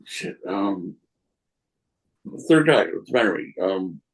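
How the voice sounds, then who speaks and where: Poor audio carries a deep, slightly slow male voice. He's a wrestling promoter on a podcast, telling rambling casual stories, frequently starting over, and animatedly imitating the voices of those in his anecdotes.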